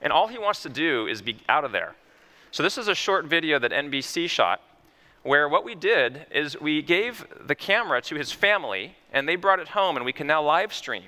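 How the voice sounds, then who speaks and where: Bright-voiced man telling clinical stories. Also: on the high side, normal speed. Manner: animated, vivid storytelling. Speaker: physician speaker. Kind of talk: conference keynote storytelling.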